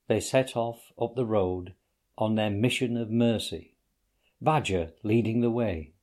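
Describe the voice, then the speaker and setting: A man reading a storybook aloud as narrator in an expressive, unhurried way. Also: lowish voice. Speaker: audiobook reader.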